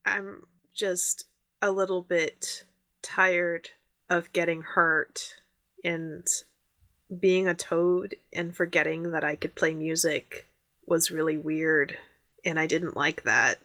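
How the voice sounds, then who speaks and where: A woman's voice: lowish voice, fairly even intonation, slow, no room sound, clean studio sound. Woman playing a tearful young dwarf bard. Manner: soft, hesitant, on the verge of tears. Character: young female dwarf bard, anxious and teary.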